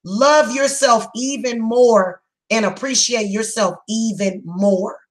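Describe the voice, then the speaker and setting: A woman giving a psychic reading, speaking bluntly and emphatically, heated and repetitive, slowing down to stress her words. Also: on the high side, rough recording. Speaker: psychic reader. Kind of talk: tarot reading monologue.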